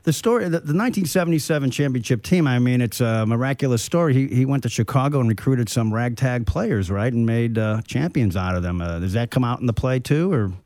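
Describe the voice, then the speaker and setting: A man hosting a radio interview, asking rambling, relaxed questions with many fillers. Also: medium pitch, fairly quick, few pauses, no room sound. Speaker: radio host.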